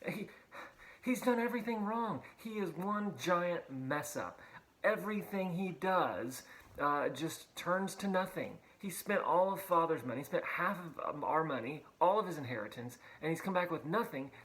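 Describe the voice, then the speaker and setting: Guy doing a resentful big brother, pitched up, griping and indignant. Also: expressive, normal speed, a bit bright, poor audio. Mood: furious. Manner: indignant, complaining. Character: furious resentful older brother, young man.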